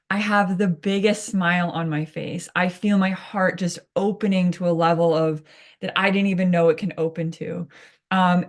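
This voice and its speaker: Give me a woman co-host talking freely in a somewhat low voice, with plenty of "um" fillers. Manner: rambling, warm fillers like "you know" and "um". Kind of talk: casual spiritual chat.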